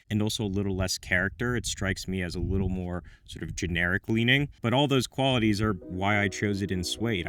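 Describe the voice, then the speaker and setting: A man giving a scripted product review with wry, self-deprecating asides. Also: low-pitched. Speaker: menswear reviewer.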